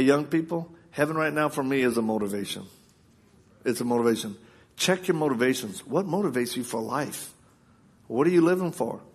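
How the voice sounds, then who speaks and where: A man's voice: on the high side, husky. A man preaching at a live service, telling a story with lots of laughter and acting out the voices of the people in it. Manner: animated, laughing storyteller who acts out quoted voices. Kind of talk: storytelling sermon.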